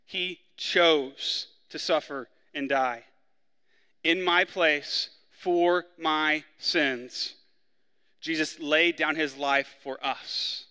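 Bright preaching man in a reverberant hall. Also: fairly even intonation, very slow, clear, resonant tone. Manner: preaching, acts out the criminals' lines with rising pitch and force. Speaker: pastor. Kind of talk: sermon.

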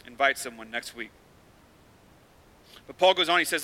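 A man preaching a sermon as the pastor, talking casually and swinging from hushed lines to loud bursts. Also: mid-range voice, moderate pace, poor audio.

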